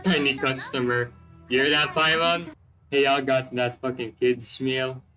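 A man giving excitable let's-play commentary, swearing constantly and joking about the characters on screen. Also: mid-range voice, a little slow, faint music behind, rough recording. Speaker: gameplay commentator.

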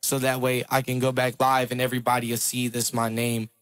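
A man freestyle rapping on a livestream and giving rapid shout-outs to viewers, recorded on a phone mic. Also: medium pitch, completely flat delivery, clear, resonant tone. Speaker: livestreaming rapper. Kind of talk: freestyle rap over a beat on a livestream. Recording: loud hip hop beat behind the voice.

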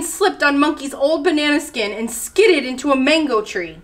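A woman who is a children's librarian, reading picture books aloud at story time in an animated, expressive way. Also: high voice, normal speed, hardly any pauses.

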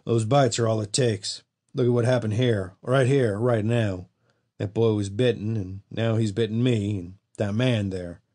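Man voicing a gruff elderly man, blunt, profane, audiobook reading. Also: on the low side, fairly even intonation, unhurried, a little mellow. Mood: grim. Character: elderly male gun store owner, gruff.

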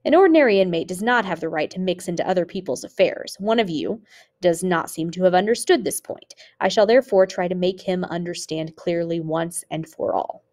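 A woman's voice: fairly low pitch, fairly quick, darkish tone, natural voice. A woman reading a memoir aloud voices a stern male work-gang boss making a formal speech.

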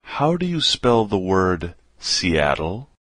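Male reader, low and dry, clear slow phrase-by-phrase delivery for learners. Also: very animated, a bit bright, no echo. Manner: slow, carefully enunciated. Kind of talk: reading practice phrases.

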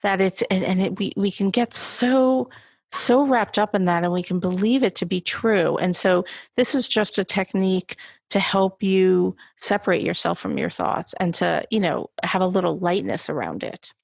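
Woman therapist on a podcast, bit of vocal fry, laughs a lot, casual explaining. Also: mid-range voice, moderate pace, dry recording, studio quality. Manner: warm, laughing easily, self-deprecating. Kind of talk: casual instructional chat.

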